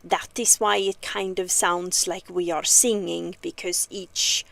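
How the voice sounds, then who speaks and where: Slow, gravelly Swedish-accented woman. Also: lowish voice, steady tone, a bit bright, no room sound. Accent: Swedish-tinged English. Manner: chatty, rambling, thinks aloud while playing. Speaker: streamer. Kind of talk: casual live gameplay chat.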